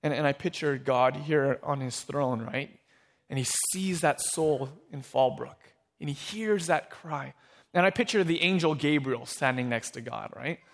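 Male pastor, sermon, animated delivery, slightly high voice, repeated restarts. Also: measured pace, gravelly.

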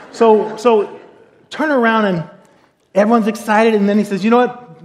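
A middle-aged man with a high-pitched voice, telling a story from the pulpit. His delivery is animated and jokey, and he acts out the other people's lines. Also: normal speed. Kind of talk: storytelling sermon.

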